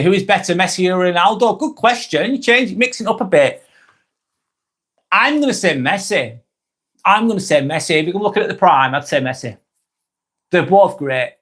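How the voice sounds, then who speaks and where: A middle-aged man from England with a Lancashire accent and a medium-pitched voice hosts a laid-back live stream. Reading out viewer comments, he chats in a friendly manner, repeating himself and letting sentences trail off.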